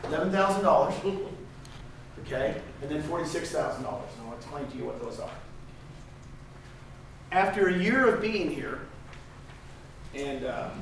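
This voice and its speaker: A man's voice: on the high side, animated, moderate pace, gravelly, pauses often, noisy background. An older man giving an emphatic motivational talk to a live audience, repeating phrases for effect. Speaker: conference speaker. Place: large conference room. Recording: echoey hall, mic at a distance.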